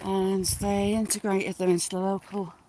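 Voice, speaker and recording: A woman's voice: medium pitch, little pitch movement, normal speed, poor audio. A woman chatting casually to viewers as she walks through the countryside, rambling and talking to the animals she passes. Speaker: vlogger walking outdoors. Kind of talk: casual live walking chat. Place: outdoors in the countryside, windy. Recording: loud wind noise outdoors.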